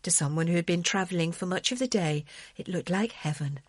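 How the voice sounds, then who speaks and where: Woman reading an audiobook, dry close booth sound, swingy expressive delivery. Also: fairly low pitch, brisk, dry recording. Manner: expressive storytelling. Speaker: audiobook narrator. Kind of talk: audiobook narration.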